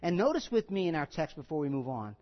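A man preaching a sermon as pastor, emphatic and repetitive, putting questions to his listeners and moving between hushed and loud delivery. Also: fairly high pitch, big pitch swings, quick pace, dull audio. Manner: conversational, asks the congregation questions.

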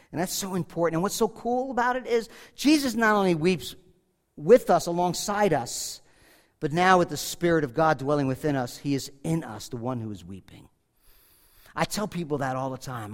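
A pastor preaching a sermon, talking casually with asides and humor as he walks through a passage. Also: a little high. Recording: hall reverb.

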